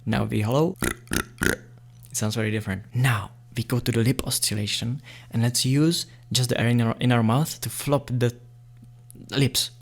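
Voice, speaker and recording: A man teaching beginner beatbox sounds in a casual, playful tutorial, often excited and laughing. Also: medium pitch, normal speed, creaky.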